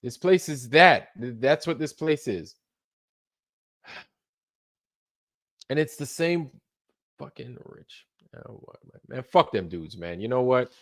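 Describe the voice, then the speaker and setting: A man's voice: medium pitch, animated, fairly bright tone. A man in the middle of a casual livestream, talking to his viewers in a loose, meandering way. He takes his time with every phrase, curses without holding back, and often circles back to repeat himself before drifting off. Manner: slow, loose, swears freely, trails off and repeats himself. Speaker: livestream host. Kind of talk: rambling late-night livestream chat.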